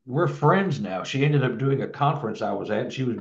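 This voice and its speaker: A man's voice: mid-range voice, animated, brisk. Rambling man in an echoey room. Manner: rambling, many restarts and repeated words. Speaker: guest telling his experiences. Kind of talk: casual storytelling. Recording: echoey, dull lo-fi sound.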